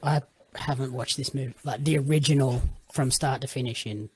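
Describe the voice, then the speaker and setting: A man's voice: medium pitch, fairly even intonation, fairly quick, darkish tone, slightly rough. A man co-hosting a podcast, chatting easily about a film and often agreeing with the host. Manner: easygoing, agreeable, fills with "like". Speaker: co-host, colour commentator. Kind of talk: casual film review chat.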